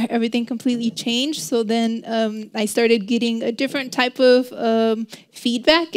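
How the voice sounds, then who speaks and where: An American woman with a somewhat high voice recounts her own experiences in a group talk. She talks hesitantly, pausing and restarting her sentences. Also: smooth. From United States. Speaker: participant. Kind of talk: personal storytelling in a discussion.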